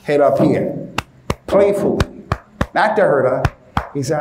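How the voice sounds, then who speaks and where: Brief: male preacher, lively street-talk sermon, higher voice, echoey room. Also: unhurried, long pauses, noisy background. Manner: animated, street-slang, keeps addressing listeners as "man". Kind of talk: informal sermon.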